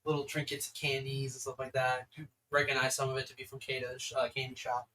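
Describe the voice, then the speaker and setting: A man's voice: medium pitch, completely flat delivery, fast talker, bright, forceful tone, distant mic, slight background noise, low-quality recording. A man running a tabletop game as game master, describing scenes in a casual, rambling way.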